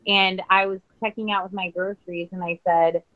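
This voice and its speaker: A woman's voice: medium pitch, flat delivery, normal speed, dry recording. A woman guest author in a casual podcast interview, talking thoughtfully and searching for words with frequent restarts. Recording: dull lo-fi sound.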